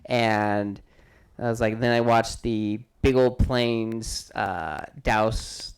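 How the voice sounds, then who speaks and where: A man's voice: fairly low pitch, steady tone, drawn-out words, smooth. A man in his thirties telling a rambling story in casual podcast chat. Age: 30s. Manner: rambling storyteller, many fillers. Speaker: podcast host.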